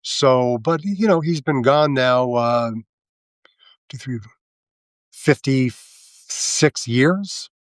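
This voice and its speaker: Slow, halting man talking politics. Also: medium pitch, no echo. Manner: halting, full of fillers and restarts, sardonic. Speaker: live video host. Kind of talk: casual political commentary monologue.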